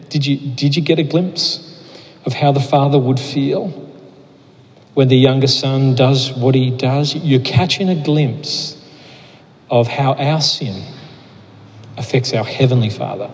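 Male pastor, earnest sermon delivery with small restarts, medium pitch, long hall reverb. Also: darkish tone. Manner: earnest, repeats words as he restarts, leads a slow prayer.

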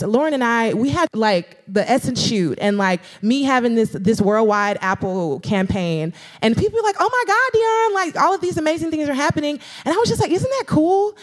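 A young woman tells her own story on a live stage, casual and slangy, peppering her talk with "like" and "girl." She keeps jumping into lively voices to quote herself and others, her pitch sitting in an ordinary middle range between those bursts. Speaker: guest speaker. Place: live stage event before an audience.

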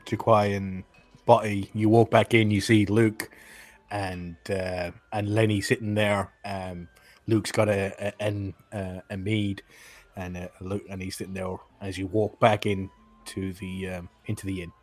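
A man with a lowish voice narrates a tabletop game as game master. He rambles along with plenty of fillers. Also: level tone, a little slow, darkish tone, no echo.

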